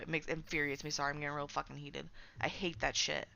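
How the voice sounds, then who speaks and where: A deep, gravelly woman's voice, pushed and bright, comes from a game streamer who talks fast with a flat delivery. She chats casually during play, ranting, cursing freely, and leaning on fillers.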